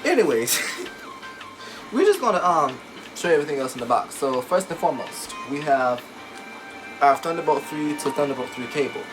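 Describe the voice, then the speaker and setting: A man chatting casually while unboxing a laptop, excitable and gushing, recorded on a phone at home. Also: fairly high pitch, normal speed, long pauses, low-quality recording. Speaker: tech unboxing vlogger. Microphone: phone camera. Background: background music.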